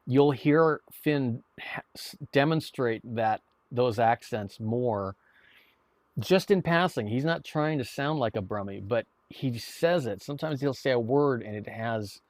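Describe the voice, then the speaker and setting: A man's voice: medium pitch, no echo. A man chatting casually to viewers on a live stream, rambling, with many restarts and repeated words. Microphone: streaming mic.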